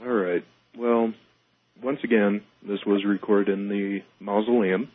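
A man with a low, husky voice speaks as a guest investigator. He explains things calmly and at a measured pace. His voice is dry and tinny, like it is coming over a phone line. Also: no echo. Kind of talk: casual radio talk.

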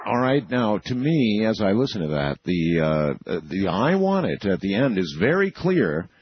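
A man hosting a radio talk show, chatty and quick to joke, asking his guests questions. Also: lowish voice, very animated, lo-fi sound, noisy background. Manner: chatty, asks questions, jokes and laughs easily.

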